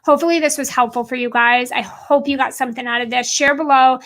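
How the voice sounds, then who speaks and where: A woman's voice: high voice, fairly even intonation, quick pace, fairly bright tone. A woman business coach giving an earnest, emphatic motivational talk on a livestream, repeating points for stress.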